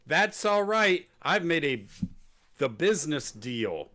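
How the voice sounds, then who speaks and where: Sarcastic man with a lively voice. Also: on the high side, takes it slowly. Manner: sarcastic, mimics wrestlers in silly voices. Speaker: podcast host. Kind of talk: casual wrestling recap chat.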